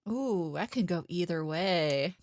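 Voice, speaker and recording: A woman's voice: lowish voice, lively intonation, slow, darkish tone, dry recording, clean studio sound. A woman co-hosting a casual podcast, giggling and reasoning aloud to justify her picks. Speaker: podcast co-host.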